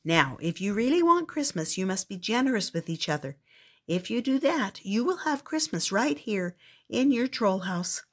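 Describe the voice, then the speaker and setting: Kind, steady storybook girl, husky tone, read by an older woman. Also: mid-range voice, normal speed. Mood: patient. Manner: firm, patient, explaining. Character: brave, kind young girl standing up to trolls.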